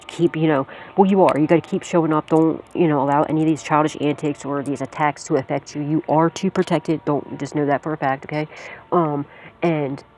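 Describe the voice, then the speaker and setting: A woman's voice: sits low, darkish tone, a little hiss or hum. A woman giving a casual tarot reading to her viewers, blunt and repetitive, swearing freely and laughing often. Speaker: psychic tarot reader.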